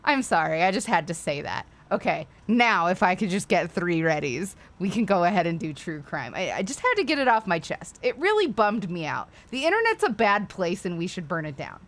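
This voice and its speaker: A woman hosting a casual livestream, talking straight to her viewers. Her pitch jumps up and down a lot as she rants, swears freely and keeps breaking off to apologize. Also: sing-song, a little fast, few pauses. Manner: profane, ranting, apologetic asides. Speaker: livestream host.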